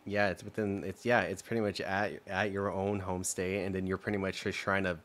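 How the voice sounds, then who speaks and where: A man's voice: low-pitched, little pitch movement, fairly quick, a bit bright. A man co-hosting a casual TV recap podcast, talking loosely with many "like" fillers and musing thoughts. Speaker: podcast co-host.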